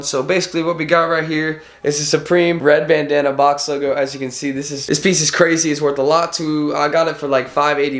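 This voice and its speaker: A young man with a sick-sounding voice, excitedly rambling in slang through a casual unboxing vlog. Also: mid-range voice. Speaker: vlogger.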